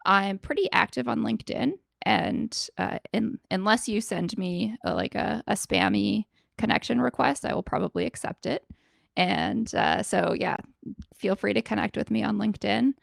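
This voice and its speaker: A woman guest on a podcast interview, talking in a relaxed, chatty way. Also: mid-range voice, normal speed, creaky, no room sound, clean studio sound. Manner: relaxed and chatty, many fillers and restarts. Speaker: podcast guest, positioning consultant. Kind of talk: casual interview chat.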